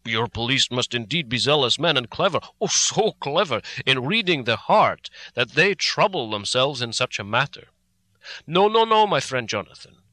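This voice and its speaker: Old foreign professor, read by a man; earnest, bright-toned, persuasive. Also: mid-range voice, sing-song, moderate pace, dry recording. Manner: earnest, reasoning, broken formal phrasing.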